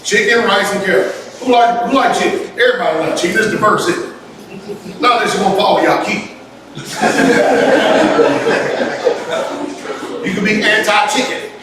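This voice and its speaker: A man preaching a sermon as pastor, lively and folksy, with call-and-response and sudden shouts. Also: high-pitched, measured pace, pauses often, very noisy. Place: church hall. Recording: echoey hall from far off. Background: congregation laughter.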